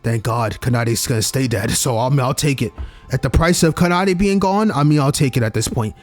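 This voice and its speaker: A man hosting a game playthrough, reacting loudly and swearing, calling everyone "bro". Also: mid-range voice, normal speed, faint music behind. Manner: excitable, swears, says "bro". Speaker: let's play host. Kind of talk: reading game text aloud and reacting.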